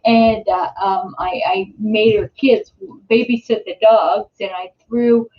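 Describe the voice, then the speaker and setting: Her pitch sits in the medium range and her tone stays steady as she talks slowly, a middle-aged woman hosting a relaxed live stream from her house. She rambles, often restarting and using fillers, captured on a webcam or computer microphone with somewhat dull, low-fidelity sound.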